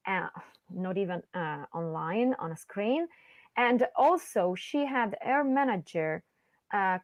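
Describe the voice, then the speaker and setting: Animated woman voice coach on a call. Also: no echo. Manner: animated, swings her voice high and low to demonstrate. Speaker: co-host, voice and confidence coach. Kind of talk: casual podcast chat.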